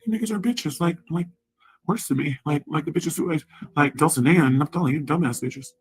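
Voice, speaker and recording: A woman's voice: deep voice, brisk, breathy edge, rough recording. A woman in a profane, rambling angry rant, taunting and repeating herself.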